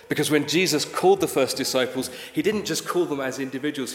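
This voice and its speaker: A middle-aged man preaching a sermon in a church, speaking in a conversational, wry way that builds to emphatic points. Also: medium pitch. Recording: echoey church hall.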